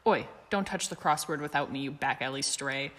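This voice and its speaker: A woman's voice: rumbling low, moderate pace, a bit bright. A woman voicing a cheerful young man who talks in a breezy, bossy and playful way, in a reverberant room. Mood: cheery. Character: cheerful, teasing young man, a good friend.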